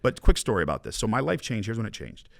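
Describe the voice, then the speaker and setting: Fast-talking low-voiced man telling stories. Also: vocal fry, dry recording. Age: 20s. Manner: animated storyteller, acts out quoted dialogue, drops to a hush. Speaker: mortgage broker guest. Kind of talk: casual storytelling interview.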